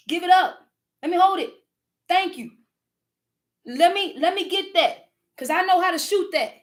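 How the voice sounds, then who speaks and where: High-voiced animated woman, Southern twang. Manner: animated, profane, laughing, repeats words. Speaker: spiritual content creator. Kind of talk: casual spiritual vlog talk.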